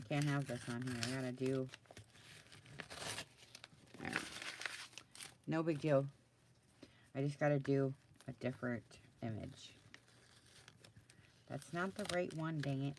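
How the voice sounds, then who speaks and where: A woman's voice: extremely low pitch, measured pace, long pauses, darkish tone, a little hiss or hum. A woman crafter talking casually through her project, muttering to herself and getting flustered. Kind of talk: casual crafting video talk.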